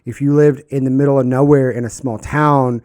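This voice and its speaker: A man's voice: normal speed, dry recording, clean studio sound. Man telling stories in casual chat. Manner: animated storyteller, mimics people in a high voice. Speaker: podcast co-host.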